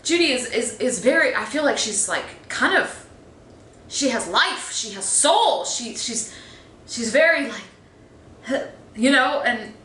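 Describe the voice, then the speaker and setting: A woman vents through a casual movie review, rambling and restarting her sentences with a bright, forceful edge. Her voice sits a little high. The room is echoey, with a faint hum of ambience behind her. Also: animated, takes it slowly. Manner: rambling, exasperated, many fillers and restarts. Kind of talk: casual opinionated film review. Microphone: phone.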